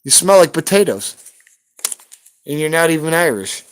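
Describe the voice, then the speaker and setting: A man's voice: a little high, sing-song, normal speed, slight background noise. A man on a live stream, ranting heatedly at someone and cursing constantly in a confrontational way. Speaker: livestreamer hunting for rare banknotes.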